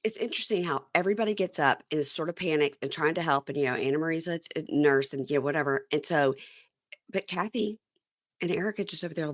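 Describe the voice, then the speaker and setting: A woman's voice: sits low, fast talker. A woman hosting a podcast, chatting casually and acting out what others said as she retells scenes. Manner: animated storyteller, acts out quotes. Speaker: podcast host. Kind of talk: casual chat.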